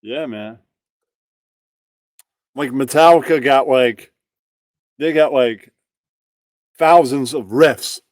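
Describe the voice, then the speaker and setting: A man's voice: medium pitch, slow pace, pauses often, dry recording, low-quality recording. A man from Brooklyn hosting a livestream, joking in a goofy way and repeating catchphrases. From Brooklyn, New York, USA. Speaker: livestream show host. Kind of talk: casual comedic monologue.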